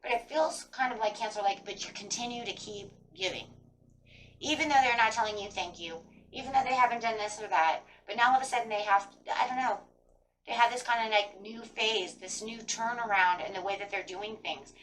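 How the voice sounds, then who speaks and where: A woman's voice: mid-range voice, fairly quick, a bit bright, far from the mic, slight background noise, low-quality recording. A woman giving a casual tarot reading, rambling and full of fillers like "kind of" and "like". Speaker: tarot reader.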